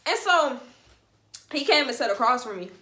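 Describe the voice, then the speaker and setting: Animated high-voiced young woman vlogger. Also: normal speed. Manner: slangy, animated, emphatic storytelling. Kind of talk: storytime vlog. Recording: roomy echo.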